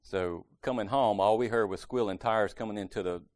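A man's voice: lowish voice, brisk, darkish tone. A middle-aged man, telling family stories in a folksy, rambling way and acting out quotes now and then. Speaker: father sharing family stories. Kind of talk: casual storytelling monologue.

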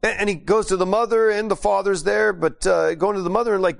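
Animated preacher, man, slightly high voice. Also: fast talker, creaky, few pauses. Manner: animated, acts out quotes, many restarts and fillers. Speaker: preacher, missionary. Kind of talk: sermon with storytelling.

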